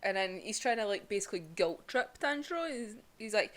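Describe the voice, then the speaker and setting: Female manga reviewer, excitable and sweary, very lively pitch. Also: brisk, hardly any pauses. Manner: excitable, sweary, laughs often. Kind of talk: casual video review.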